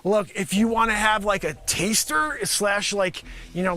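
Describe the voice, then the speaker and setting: A man hosts a live improv comedy show, riffing as an over-the-top pitchman in a high, wildly swooping voice. His delivery is rambling and sarcastic, jumping from shouted bursts to low mutters. The tone is bright and edgy. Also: sing-song, moderate pace. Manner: manic, rambling, sarcastic, swings between loud outbursts and mutters. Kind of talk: improvised comedy bit, pitching a product to investors.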